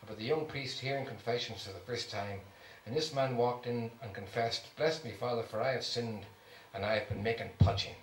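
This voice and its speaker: A man's voice: mid-range voice, brisk, hardly any pauses, slight background noise, lightly acted. A man voicing a mischievous older cardinal with a sly, teasing way of talking, in an echoey room heard from far off.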